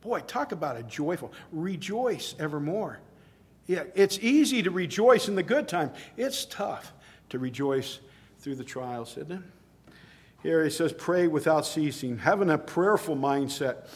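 A man's voice: on the high side, very animated, measured pace. A middle-aged man preaching a sermon in a conversational way, telling stories and rising to emphatic exclamations.

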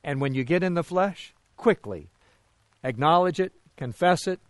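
A man preaching a sermon in a fairly high voice. He swings from soaring, loud emphasis down to quiet, low remarks and throws rhetorical questions out to the congregation. The sound is dry and close. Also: lively intonation, moderate pace, no room sound. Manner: emphatic rises and drops in pitch and volume.

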